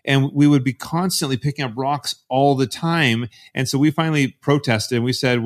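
A man's voice: medium pitch, fairly even intonation, moderate pace, hardly any pauses. A man from Canada, a podcast guest telling rambling stories with frequent restarts. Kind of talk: casual interview storytelling.

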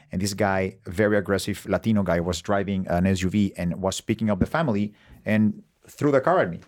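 A middle-aged Mexican man with a Mexican accent, a podcast guest who tells animated stories, acting out quotes and swearing freely. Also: creaky. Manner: expressive, acts out quotes with big pitch swings, swears freely. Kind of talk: animated storytelling in conversation.

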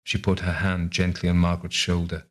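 A man reading a short story aloud in a calm, measured narration. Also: sits low. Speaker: reader. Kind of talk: scripted narration.

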